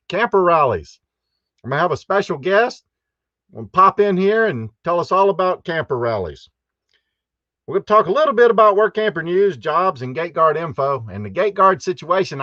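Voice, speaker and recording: A man's voice: on the high side, fairly bright tone, no room sound, lo-fi sound. A man hosting a live stream from a campground, chatty and rambling, giggling often as he greets viewers. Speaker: host of a live stream show. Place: campground in Texas.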